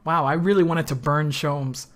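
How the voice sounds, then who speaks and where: A woman's voice: deep voice, normal speed, background noise. A woman in casual let's-play chat, playful and giggly. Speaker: game player. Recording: game music clearly behind.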